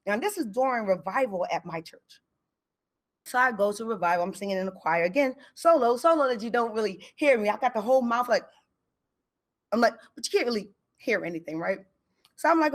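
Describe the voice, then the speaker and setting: A woman telling a personal story on stage, with a middle-pitched voice. She talks in a lively, conversational way and slips into the voices of the people she quotes. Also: a little fast.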